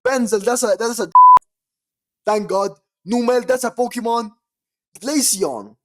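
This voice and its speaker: A young man chatting casually as a vlogger, excitable and slangy, often breaking into laughter. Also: extremely high pitch, slow. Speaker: quiz vlogger. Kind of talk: casual chat.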